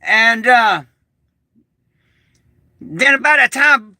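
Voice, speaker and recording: A man telling a rambling, excitable story on a casual livestream, swearing and restarting often. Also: extremely high pitch, takes it slowly, long pauses, no room sound. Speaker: prepper vlogger. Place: small shed turned bunker.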